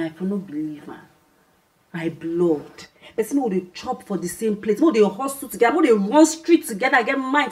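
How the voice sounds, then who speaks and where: A woman's voice: mid-range voice, warm tone, natural voice, poor audio. An actress with a Nigerian accent playing a wronged, defiant young woman who rants indignantly. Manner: indignant, bursts into pidgin.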